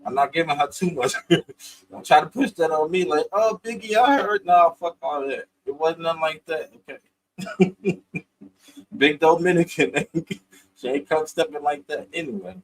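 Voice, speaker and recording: A man's voice: on the high side, fairly even intonation, measured pace, long pauses, breathy edge, poor audio. A man casually recapping a reality show, slangy and profane, laughing often as he talks. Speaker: reality TV reviewer.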